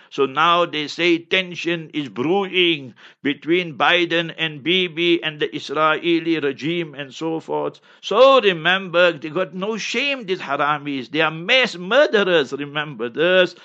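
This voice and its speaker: Man, forceful tense delivery, fairly high voice, fiery religious talk, dull lo-fi sound. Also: a little slow, hardly any pauses. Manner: fiery, declamatory, keeps repeating "remember". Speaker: religious speaker.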